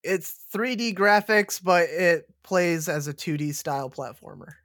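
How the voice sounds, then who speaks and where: A man's voice: fairly high pitch, measured pace, fairly bright tone, no room sound, studio quality. A man hosting a podcast, laid-back and wry as he leads the segments and signs off. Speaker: podcast host. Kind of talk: casual podcast banter.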